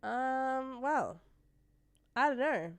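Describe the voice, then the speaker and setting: A young woman with an Australian accent chats casually on a live stream, reading viewer comments aloud and often trailing off mid-thought before starting again. Her voice is smooth and clean. The sound is dry and close, with no room echo. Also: high voice, lively intonation, drawn-out words. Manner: chatty, reads chat messages aloud, trails off and restarts. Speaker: livestream trading host.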